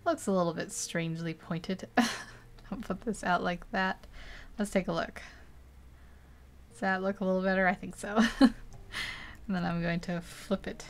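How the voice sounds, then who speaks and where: A woman's voice: mid-range voice, steady tone, a little slow. A young woman casually narrating as she paints a digital portrait, chatty and rambling, laughing often between thoughts. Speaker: digital art streamer.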